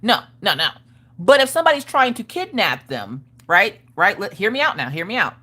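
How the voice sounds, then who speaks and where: A woman hosting a live stream and chatting casually about parenting, frank and profane, with animated storytelling. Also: mid-range voice, normal speed. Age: adult parent of school-age children.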